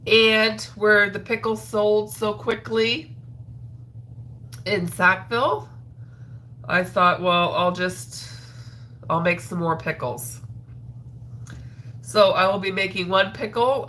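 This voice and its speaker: A woman's voice: lowish voice, fairly even intonation, slow pace, long pauses, fairly bright tone, slight background noise. A woman with a stuffed-up nose, hosting a crochet livestream in a rambling, chatty way full of ums. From Atlantic Canada. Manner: rambling, chatty, with frequent ums and trailing sos. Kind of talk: casual livestream chat while crocheting.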